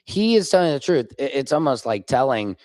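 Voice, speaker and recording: A Minneapolis man hosts a livestream, reacting to clips and arguing informally with chat comments. His mid-range voice is very animated, a little fast and slightly mellow, on a dry recording.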